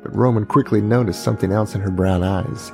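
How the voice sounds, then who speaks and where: A man narrating a true crime family story as a podcast host, unhurried and pausing, now and then voicing the people in it. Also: lowish voice, fairly even intonation, gravelly, faint music behind.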